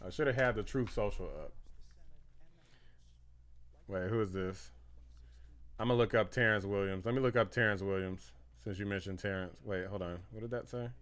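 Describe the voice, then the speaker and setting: A man hosting a political live stream, reacting excitedly to posts and news, laughing and rambling between thoughts. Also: on the low side, normal speed, long pauses. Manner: rambling with restarts and fillers. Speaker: political livestream host.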